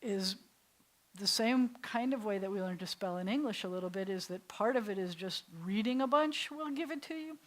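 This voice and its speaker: A woman's voice: medium pitch, moderate pace. Older woman rabbi with a New York accent. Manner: chatty, digressive, laughs easily. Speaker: rabbi teaching a Hebrew class. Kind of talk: casual classroom teaching. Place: synagogue classroom.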